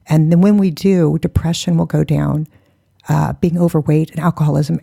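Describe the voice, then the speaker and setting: A woman guest telling a personal spiritual story on a podcast, in an enthusiastic, expressive and earnest way. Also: low-pitched, creaky, breathy edge.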